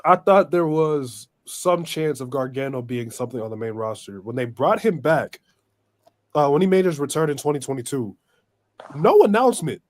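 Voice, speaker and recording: A man's voice: mid-range voice, animated, moderate pace. A man co-hosting a wrestling podcast in casual chat, blunt and laid-back with slang and swearing. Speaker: podcast co-host.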